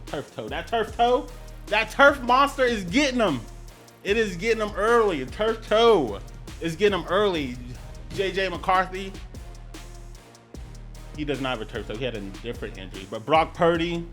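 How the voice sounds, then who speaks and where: Rambling sports podcast man with a New Orleans accent. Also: fairly high pitch. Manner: rambling, repeats phrases, animated outbursts. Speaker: podcast host. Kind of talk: casual sports talk.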